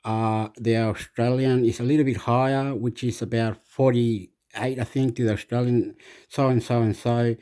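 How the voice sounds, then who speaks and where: A man's voice: mid-range voice, steady tone, normal speed, mellow, clean tone. A man from Chile with a Chilean Spanish accent, Spanish his first language, rambling hesitantly with many fillers in a casual monologue as host of his own channel.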